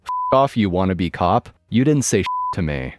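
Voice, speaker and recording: A man voicing a rude, impatient entitled driver who talks loudly and belligerently. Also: sits low, sing-song, moderate pace, soft background music. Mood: angry. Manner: loud, belligerent.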